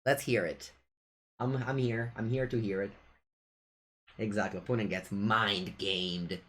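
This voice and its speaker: A man's voice: on the low side, fairly even intonation, a little slow, fairly bright tone. A man with an Italian accent commentating his own card game live, playful and chatting with viewers as he taunts his opponent. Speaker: streamer and card game player. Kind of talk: live-streamed gameplay commentary.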